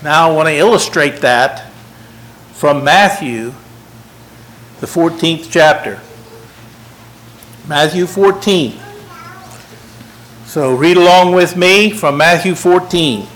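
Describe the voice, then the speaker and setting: An older man preaching a sermon, folksy and self-deprecating, unhurried. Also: a little high, a bit bright, poor audio.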